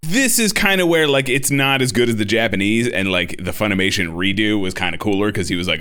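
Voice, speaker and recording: A man in his thirties in casual podcast chat, animated and swearing freely. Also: low-pitched, fairly quick, few pauses.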